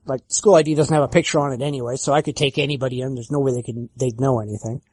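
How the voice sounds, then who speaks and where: A man's voice: fairly high pitch, a little mellow, dry recording. A man hosting a podcast, ranting in a profane, indignant and sarcastic way. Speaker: podcast host. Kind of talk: angry ranting podcast chat.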